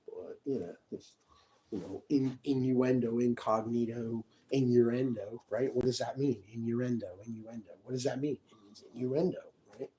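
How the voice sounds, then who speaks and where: A man in a rambling personal monologue, halting and restarting with repeated words. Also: mid-range voice, steady tone, warm tone, slight background noise, rough recording.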